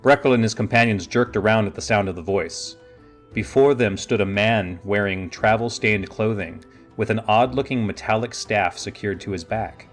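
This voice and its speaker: A man reads a fantasy audiobook in a lowish voice, keeping his narration steady and measured while faint music plays underneath.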